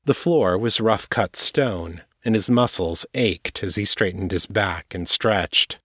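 A man reading his own novel aloud in steady, measured audiobook narration. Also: lowish voice, breathy edge, no echo, studio quality.

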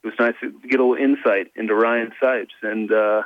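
A man calling in to a casual chat show, talking in a halting way with many fillers and restarts, over a dull lo-fi line. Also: lowish voice, steady tone, no echo. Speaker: caller.

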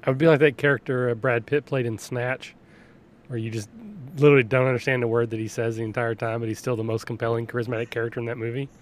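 A man's voice: mid-range voice, flat delivery, fast talker. A male podcast guest talks in a casual, chatty way. He laughs often and sticks stubbornly to his point. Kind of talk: casual chat.

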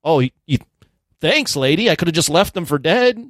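A man co-hosting a casual movie review podcast, animated and incredulous as he acts out scenes. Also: a little high, normal speed, no room sound, studio quality. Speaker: podcast co-host.

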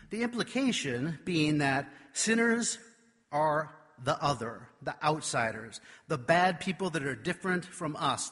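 A man preaching a sermon, telling a childhood story with animated, self-mocking delivery before turning to scripture. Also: on the high side, breathy edge. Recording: long reverb of a large hall.

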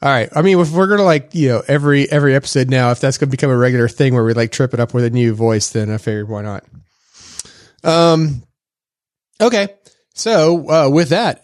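A man's voice: fairly high pitch, animated, normal speed, dry recording, clean studio sound. A man co-hosting a tech podcast, chatting casually and joking, with frequent fillers. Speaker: podcast co-host. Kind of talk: casual chat.

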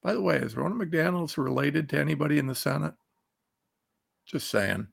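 Fired-up ranting man, gravelly voice. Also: fairly high pitch, fast. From Ohio. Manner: angry ranting, insulting, reading out quotes. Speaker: political commentary host. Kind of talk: fired-up political commentary monologue.

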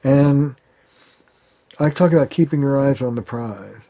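Mellow-voiced male therapist, animated. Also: mid-range voice, measured pace. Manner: animated, acts out quoted arguments. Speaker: family therapist guest. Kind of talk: conversational interview.

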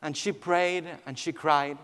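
A man, a priest, telling a personal testimony with emotional storytelling that swings from hushed to near shouting. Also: fairly high pitch, steady tone, unhurried, clean tone. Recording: long hall reverb.

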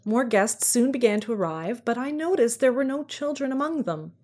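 A woman reading a storybook aloud in a clear, measured storytelling manner. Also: a little high, lively intonation, darkish tone. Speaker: audiobook narrator.

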